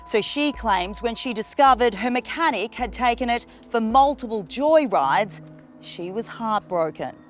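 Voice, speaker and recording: A woman's voice: a little high, animated, measured pace, soft background music. Woman reporter, pointed questions. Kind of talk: news reporting.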